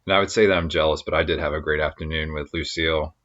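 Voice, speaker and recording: A man with a very low voice co-hosts a podcast in relaxed, easygoing chat. The sound is a little dull and lo-fi. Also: quick pace. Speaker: podcast co-host. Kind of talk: casual chat.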